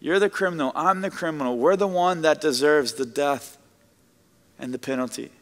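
A male pastor delivers a sermon to his congregation, his voice bright and forceful. He preaches conversationally and slips in joking asides. The sound rings with a long church-hall reverb. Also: a little high, normal speed. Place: church sanctuary with audience.

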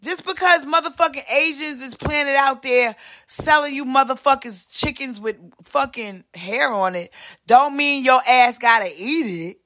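A woman hosting a podcast, delivering a profane, brash monologue rant and slipping in quick impressions of other people. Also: high-pitched. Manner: profane, brash, swings loud and soft, voices other people mid-rant. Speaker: podcast host.

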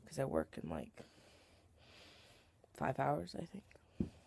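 Give me a chatty vlogger at home with a lively, swooping voice who rambles and slips into whispers. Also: medium pitch, slow, creaky, breathy edge. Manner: rambling, giggly, often drops to a whisper. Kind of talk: casual chatty vlog.

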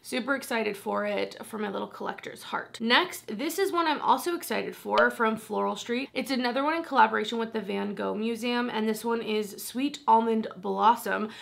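A woman's voice: a little high, normal speed, creaky, few pauses, a little hiss or hum. A young woman chatting casually about perfumes as a vlogger, rambling and self-deprecating. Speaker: fragrance vlogger. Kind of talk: casual chat.

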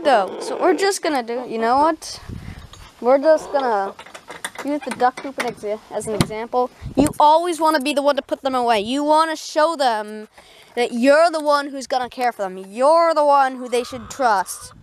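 A woman from Canada chatting casually in a backyard tutorial vlog, talking softly to her chickens. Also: high voice, normal speed, background noise. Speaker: vlogger. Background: chickens clucking.

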